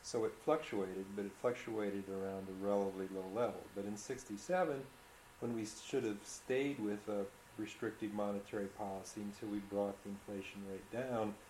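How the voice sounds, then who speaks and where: A man with a lowish voice asks thoughtful, leading questions, musing through his points before handing the floor over. He sounds like he is in an echoey room, with a faint hiss underneath. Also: steady tone, moderate pace, few pauses, a little mellow. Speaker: interviewer, economist. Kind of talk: oral history interview.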